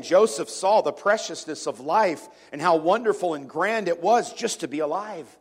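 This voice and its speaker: A middle-aged man with a notably high speaking voice preaches a sermon in church. He talks conversationally, throws questions out to the congregation and often repeats words as he finds his way. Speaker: pastor.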